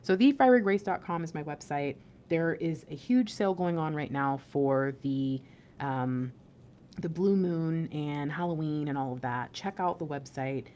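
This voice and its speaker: A woman's voice: low-pitched, unhurried, mellow. A woman hosting an intuitive spiritual reading, talking casually and reassuringly to her viewers, rambling a little with fillers and restarts. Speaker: intuitive reader and channel host.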